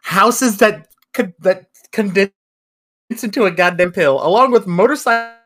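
A man co-hosting a podcast in casual chat, animated and joking, often slipping into quick impressions. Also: high voice. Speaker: podcast co-host.

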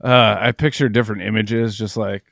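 A man's voice: lowish voice, fairly even intonation, normal speed, gravelly, fairly bright tone, dry recording, clean studio sound. A man hosting a podcast, joking around in casual, profane banter and laughing often. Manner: laughing, joking, swears freely. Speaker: podcast host.

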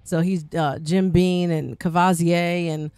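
A woman's voice: on the low side, level tone, a little slow, darkish tone, smooth, no echo. A middle-aged woman guest-hosting a podcast, telling stories in a chatty, rambling way. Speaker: guest host. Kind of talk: casual podcast chat.

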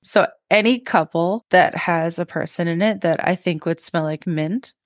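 A woman's voice: fairly low pitch, normal speed, dry recording, studio quality. A young woman co-hosting a casual book podcast, chiming in with short, playful remarks. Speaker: podcast co-host.

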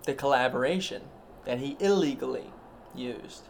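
A man's voice: mid-range voice, moderate pace, gravelly, slight background noise. A man hosting a solo podcast, rambling in a meandering, self-interrupting, mock-grand way. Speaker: podcast host.

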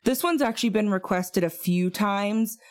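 A woman's voice: mid-range voice, moderate pace. A woman co-hosting a casual true-crime podcast, talking in a chatty way with lots of fillers and asides. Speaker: podcast co-host.

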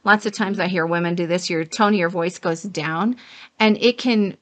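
A woman's voice: lowish voice, steady tone, measured pace, fairly bright tone. A middle-aged woman co-hosting a casual advice chat, walking through points one by one. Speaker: co-host.

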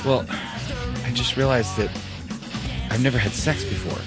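A man's voice: mid-range voice, steady tone, normal speed, loud music behind the voice, voice pushed up, natural voice. A man voicing a sad young woman in a joke, speaking plaintively.

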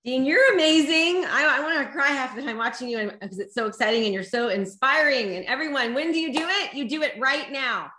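A woman host promoting an event, gushing and excited. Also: high voice, a little fast, few pauses, echoey room.

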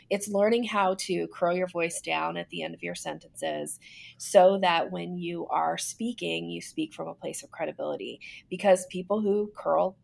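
A woman with a lowish voice and a touch of vocal fry teaches business speaking skills on a podcast. She sounds confident and instructive, and she shows how different inflections sound as she explains them. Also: moderate pace. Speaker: guest, business speaking coach. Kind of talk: conversational podcast interview.

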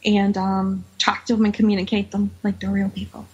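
A woman guest speaking calmly and hesitantly in a casual interview. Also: mid-range voice, a little fast, slightly rough. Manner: calm, hesitant. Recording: muffled lo-fi audio.

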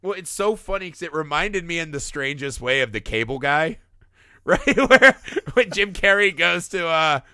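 Male podcast co-host, casual film talk, bright and forceful, slightly higher voice. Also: normal speed, clean tone, no room sound, studio quality. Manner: animated, quotes movie lines in put-on voices.

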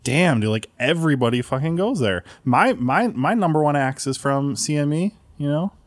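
A man hosting a casual podcast, joking loosely and talking quickly. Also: fairly high pitch, animated, dry recording. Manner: fast, laughing, loose and joking. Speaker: podcast host.

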